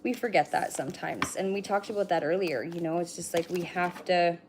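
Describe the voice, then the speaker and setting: Briskly and in a lowish voice, a middle-aged woman runs a casual oracle card reading on her livestream, chatting, occasionally swearing, and addressing viewers directly. Background noise is present.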